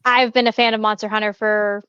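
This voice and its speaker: A woman's voice: mid-range voice, level tone, a little fast, fairly bright tone, clear, resonant tone, no echo, dull audio. A woman co-hosting a pop-culture podcast in casual chat, laid-back, swearing casually and filling with "um" and "like". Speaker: podcast co-host.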